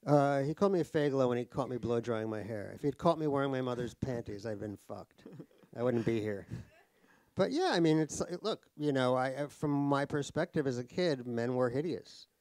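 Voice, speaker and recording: A man's voice: medium pitch, a little fast, a little mellow, dry recording. A middle-aged American man from New York, speaking as an author at a live talk, joking wryly at his own expense with many restarts. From New York, USA. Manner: wry and joking, self-mocking, many restarts. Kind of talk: casual conversation on stage. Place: cultural center event hall.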